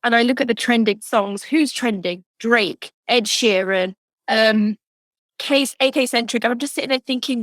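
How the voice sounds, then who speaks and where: A woman's voice: a little high, normal speed, fairly bright tone, no echo. A woman hosting an interview, enthusiastic and emphatic as she speaks with her guest. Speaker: interview host. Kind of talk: casual interview talk.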